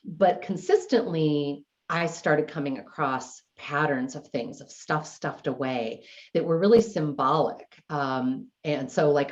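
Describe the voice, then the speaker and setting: A woman's voice: low voice, darkish tone. A middle-aged woman teaching a decluttering workshop, telling stories in a chatty, conversational way full of "like" and "you know". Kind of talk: storytelling in a live class talk. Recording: dull lo-fi recording.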